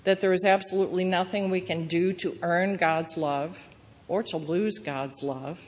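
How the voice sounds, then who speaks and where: Lady pastor giving a sermon, earnest and gentle, lowish voice, echoey church. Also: fairly even intonation, normal speed. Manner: earnest, gentle storytelling with quoted prayers. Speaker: preacher. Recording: reverberant church hall.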